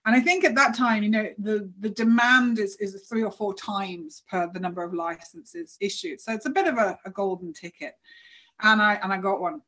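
Animated woman telling a story. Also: medium pitch, moderate pace. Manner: animated storyteller, laughs often, acts out quotes. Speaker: guest. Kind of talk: casual storytelling interview.

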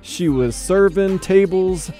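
Man, radio segment voice, punchy storyteller, a bit high in pitch. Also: slow, warm tone, soft background music. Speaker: segment narrator. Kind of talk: produced radio segment narration.

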